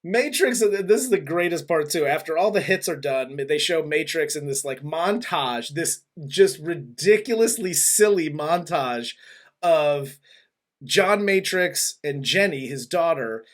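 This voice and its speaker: Male podcast host, slightly high voice, rambling, animated, profane casual review chat. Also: unhurried. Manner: rambling, animated retelling with laughs and swearing.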